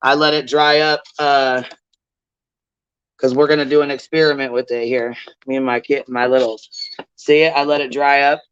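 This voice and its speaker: A man's voice: mid-range voice, level tone, normal speed, a bit bright, smooth, no room sound, highs cut off. A man chatting casually on an online panel from home, loose and profane, showing things to his camera as he talks. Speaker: panel participant.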